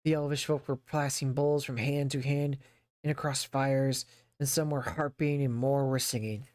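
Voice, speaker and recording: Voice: medium pitch, fairly even intonation, moderate pace, darkish tone, no echo, clean studio sound. A streamer reading a book aloud to their chat, reading steadily but stumbling over words and breaking off for playful asides. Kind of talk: casual read-aloud storytelling with chatty asides. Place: home streaming setup.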